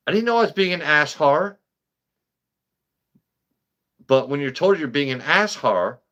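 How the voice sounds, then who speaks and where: A man telling a story on a live stream in a loose, rambling way, with plenty of swearing and restarts. His voice sits in an ordinary middle pitch. He stays animated and conversational throughout. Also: lo-fi sound. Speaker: host. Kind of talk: casual livestream storytelling.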